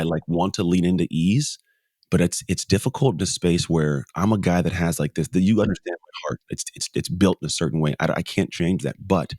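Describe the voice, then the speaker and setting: A middle-aged man with a very low, deep voice tells a motivational story on a podcast. He leans on key phrases and repeats them for emphasis. The sound is dry and close, with no room echo. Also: a little mellow, slightly rough. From United States. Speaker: podcast guest. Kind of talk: motivational conversation.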